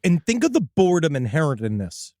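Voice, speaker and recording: A man's voice: a little high, big pitch swings, fairly quick, a little mellow, no echo. A man co-hosting a podcast, reacting in an emphatic, exasperated, casual way, with many fillers, recorded in a studio. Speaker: podcast co-host. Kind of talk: animated casual commentary.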